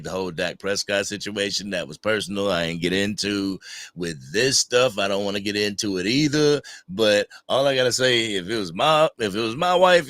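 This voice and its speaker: A man's voice: on the low side, dry recording. A man hosting an unscripted fan livestream, talking casually and greeting viewers from the chat. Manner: casual, animated, reads chat names aloud. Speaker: livestream host.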